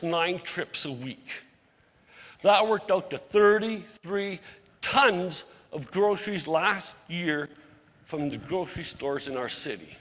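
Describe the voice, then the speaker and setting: A middle-aged man telling a lively, folksy story to a church congregation, acting out the voices of the people in it. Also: on the high side. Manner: animated storyteller who acts out voices, folksy and plain-spoken. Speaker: outreach ministry leader, guest speaker. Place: church sanctuary. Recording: hall reverb from a church sanctuary.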